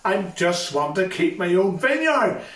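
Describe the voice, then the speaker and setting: A man's voice: sits high, sing-song, unhurried, a bit bright, heavily acted. A plain, stubborn farmer politely but firmly says no, voiced by a man. It sounds echoey and distant, as in a large hall. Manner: firm refusal. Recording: echoey hall, far from mic.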